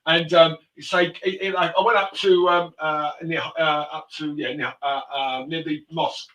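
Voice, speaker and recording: A man's voice: on the high side, flat delivery, moderate pace, fairly bright tone, reverberant, recorded from a distance, low-quality recording. A man telling coarse, swearing anecdotes in casual chat, full of stumbling restarts. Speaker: host.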